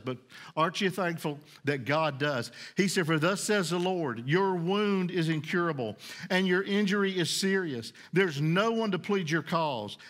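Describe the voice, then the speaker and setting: A man preaching a sermon as pastor. He reads scripture aloud, explains it in emphatic paraphrase, and drops low and soft when he voices God's promises.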